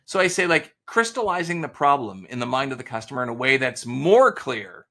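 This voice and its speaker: Male podcast guest, lively up-and-down delivery, gravelly edge, talks in anecdotes and quoted back-and-forth. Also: medium pitch, brisk. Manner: animated storyteller, acts out quoted dialogue. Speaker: sales author and consultant guest. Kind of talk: casual podcast interview.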